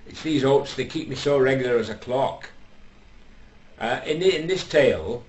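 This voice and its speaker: A man telling a comic tale in a rambling, chatty way, full of fillers. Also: on the low side. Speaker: comic storyteller. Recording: roomy echo, faint background noise.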